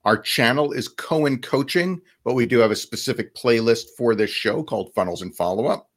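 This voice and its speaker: A man's voice: medium pitch, fairly quick. A man co-hosting a podcast, explaining advice casually and often restarting his phrases. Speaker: podcast co-host. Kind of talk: podcast chat giving business advice.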